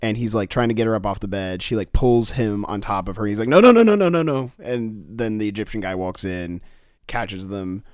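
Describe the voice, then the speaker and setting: A man's voice: on the low side, steady tone, normal speed, darkish tone, clean tone, no room sound, clean studio sound. A man in casual chat, playful, trying out put-on accents and then giving up on them.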